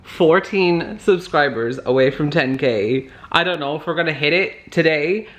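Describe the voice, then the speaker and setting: A man chatting excitedly at home for a book vlog, gushing about his reading. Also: a little high, normal speed, few pauses. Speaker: book vlogger. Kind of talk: casual vlog chat. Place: at home, moving between rooms.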